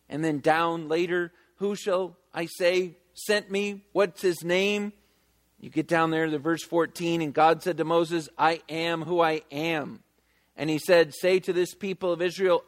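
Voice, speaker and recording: A man delivers a sermon in a voice pitched a little high, pressing his points with emphatic energy and quick conversational asides. His words carry a long reverb, as if spoken in a large hall. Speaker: pastor.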